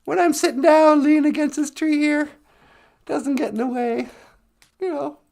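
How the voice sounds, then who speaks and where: A woman storyteller voicing a calm, easygoing male bear who politely shrugs off a braggart. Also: sits high, normal speed, vocal fry. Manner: laid-back, polite.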